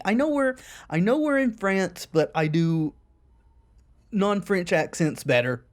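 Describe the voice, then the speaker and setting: A woman's voice: mid-range voice, expressive, unhurried, faint music behind. A woman casually commenting as she plays a game, with wry, self-deprecating asides. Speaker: let's play host.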